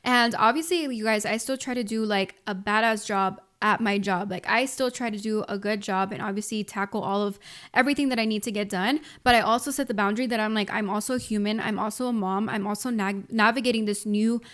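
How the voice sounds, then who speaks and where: A woman's voice: mid-range voice, steady tone, brisk, fairly bright tone. A woman in her twenties hosting a motivational solo podcast, talking casually and emphatically with lots of filler words and direct address to listeners. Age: 20s. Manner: casual and emphatic, frequent "like" and "you guys". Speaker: podcast host.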